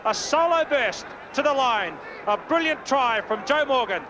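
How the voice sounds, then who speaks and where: A man giving brisk live rugby play-by-play commentary, lifting his voice on big plays, from a worn old videotape broadcast. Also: very high-pitched, expressive. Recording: worn old VHS broadcast with crowd noise.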